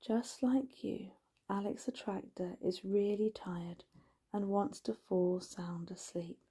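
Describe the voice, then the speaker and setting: A woman narrating a hypnotic bedtime story in a hushed voice, often slipping into a whisper and drawing out her words. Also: mid-range voice, slow pace, slightly rough.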